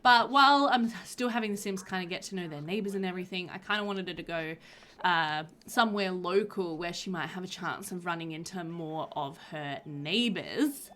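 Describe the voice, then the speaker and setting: A woman's voice: fairly low pitch, moderate pace, fairly bright tone. A woman giving a casual voiceover commentary on her gameplay, chatty and rambling with a bubbly manner. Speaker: gaming video creator. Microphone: voiceover recorded after gameplay.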